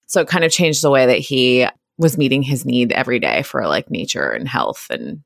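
Low-pitched woman in her thirties chatting on a podcast, says like a lot, bounces into quoted voices, dry close mic. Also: animated, fairly quick, vocal fry, no room sound. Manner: chatty, lots of "like", acts out quotes. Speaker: podcast guest, therapist. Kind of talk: casual podcast chat.

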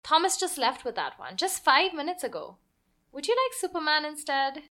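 A woman voicing a kind adult nurse who speaks gently and sweetly to a child. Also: high-pitched, very animated, normal speed, pitched above the performer's own voice, exaggerated voice. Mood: soothing.

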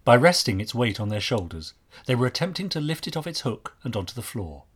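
A man narrating a mystery story with an expressive, varied delivery. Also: mid-range voice, brisk, slightly rough. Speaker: audiobook narrator.

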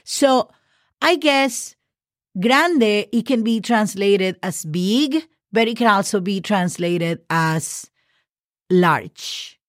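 Woman, podcast teacher, unhurried delivery, patient spelling, dry close sound. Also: medium pitch, no room sound. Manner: patient, spells words letter by letter, says okay often; slows down for example sentences. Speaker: Spanish teacher podcast host. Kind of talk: casual podcast lesson.

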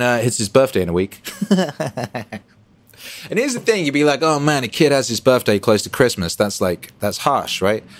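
Profane, animated man hosting a stream. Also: on the low side. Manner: profane, animated, swinging between loud bursts and mumbles. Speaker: livestream host reading chat. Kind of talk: casual livestream chat.

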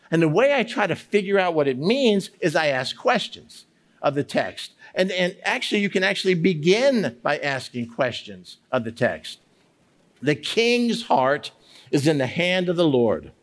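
Lively, higher-voiced man teaching scripture. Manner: emphatic, slows to stress single words; asks many questions aloud. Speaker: Bible teacher. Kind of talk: teaching on Bible study.

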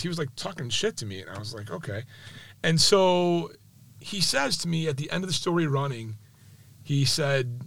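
A man, a sports journalist, telling anecdotes in a podcast interview in a lively, chatty way, with many asides like "right?". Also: on the high side, normal speed, vocal fry, no room sound. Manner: animated, chatty, full of "like" and "right?".

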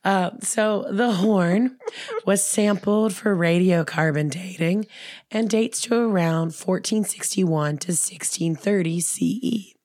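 A woman co-hosting a podcast in casual chat, her voice hoarse from a cold, rambling with fillers and restarts. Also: on the low side, slow pace, darkish tone, no echo, studio quality. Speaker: podcast co-host.

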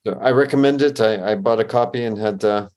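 A man hosting a podcast interview, firing off quick questions and answering with short, easy reactions. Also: on the low side, darkish tone. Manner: easygoing and affirming, with short reactions. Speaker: podcast host.

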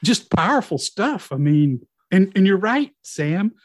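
The middle-aged man, a guest in recovery, speaks a bit slowly in a high-sitting voice, captured dry without echo. His storytelling is lively and personal, and he acts out others' lines as he quotes them.

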